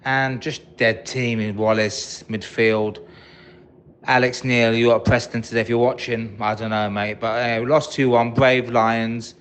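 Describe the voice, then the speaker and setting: An angry man leaving a ranting voice message as a football fan, swearing and shouting in bursts. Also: mid-range voice, little pitch movement, measured pace, slight background noise. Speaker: fan caller.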